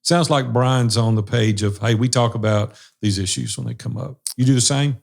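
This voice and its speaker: A man's voice: medium pitch, normal speed, creaky. A man hosting a casual panel discussion over a video call, speaking in an earnest, storytelling way. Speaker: podcast host.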